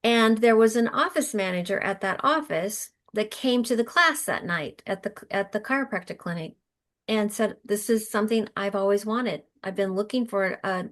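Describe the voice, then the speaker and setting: A middle-aged woman, a podcast guest, telling her story in an earnest, emotional way with frequent restarts. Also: medium pitch. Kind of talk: conversational storytelling.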